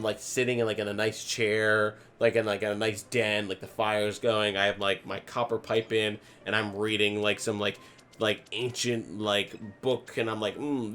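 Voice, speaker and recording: A man's voice: on the low side, fairly bright tone, a little hiss or hum. A young man telling a long, rambling story in a casual chat over a card game, full of "like" and restarts. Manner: rambling storyteller, heavy use of "like", many restarts. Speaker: podcast co-host. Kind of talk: casual chat while gaming.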